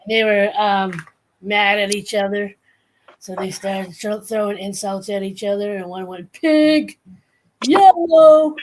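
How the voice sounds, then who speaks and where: A woman's voice: medium pitch, flat delivery, a little slow, a little hiss or hum, low-quality recording. A woman on a casual live stream, telling stories animatedly and acting out cartoon lines.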